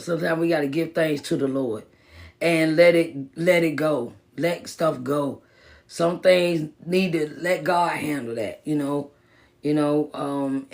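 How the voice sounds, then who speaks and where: A woman's voice: on the low side, gravelly. A woman who is a motivational speaker and minister, talking casually on a phone live stream, repeating herself for emphasis and greeting viewers by name. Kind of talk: live-stream pep talk.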